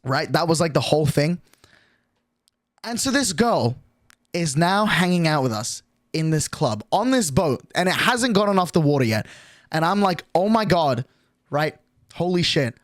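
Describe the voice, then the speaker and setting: A man's voice: on the high side, big pitch swings, moderate pace, no room sound, studio quality. A male streamer telling a story in a rambling, casual way, full of fillers and swearing.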